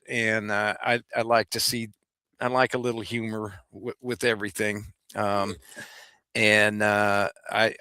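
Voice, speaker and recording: A man co-hosting a casual talk stream, halting and joking, often repeating words. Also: on the low side, bright, forceful tone, no echo. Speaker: co-host. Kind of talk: casual chat.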